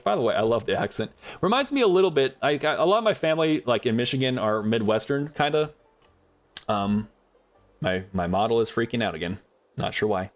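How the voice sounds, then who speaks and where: Rambling, lively man streaming a game. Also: mid-range voice. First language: English is his only language. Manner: rambling, chatty, talks to chat and to game items. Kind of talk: casual gameplay commentary.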